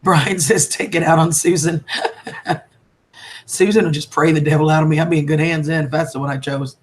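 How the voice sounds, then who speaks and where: A woman's voice: low-pitched, fairly even intonation, brisk. A woman chatting on a live stream, greeting viewers as darling and sweetheart in a chatty, heartfelt way. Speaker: livestreamer. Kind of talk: casual live-stream chat.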